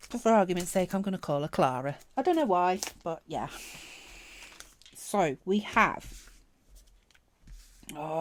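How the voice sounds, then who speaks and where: A woman chatting casually through a planner sticker unboxing, gushing and excitable, often trailing off mid-sentence. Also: mid-range voice. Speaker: planner vlogger.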